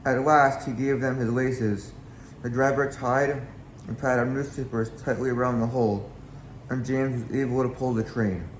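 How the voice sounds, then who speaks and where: A man's voice: medium pitch, steady tone, normal speed, slight background noise. A man reading a children's railway storybook aloud in a plain manner, with small slips. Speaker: reader. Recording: echoey room, faint background.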